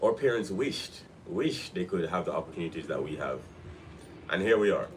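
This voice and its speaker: A man's voice: low voice, expressive, moderate pace, slight background noise, poor audio. A man hosting a live stream in a casual, rambling way, sounding a little sick and repeating himself. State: sick, voice slightly off.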